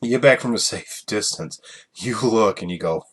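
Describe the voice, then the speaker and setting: A man's voice: on the low side, moderate pace, breathy edge. A man hosting a casual solo podcast, rambling and chuckling through his stories with many fillers. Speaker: podcast host.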